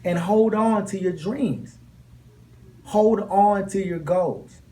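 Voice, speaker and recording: A young man with a high, warm voice speaks slowly as he gives a motivational speech to a class in a classroom. He is emphatic, repeating his key lines with rising intensity.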